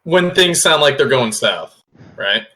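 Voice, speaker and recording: Hesitant male player, bright voice. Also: medium pitch, lively intonation, measured pace. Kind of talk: tabletop role-play.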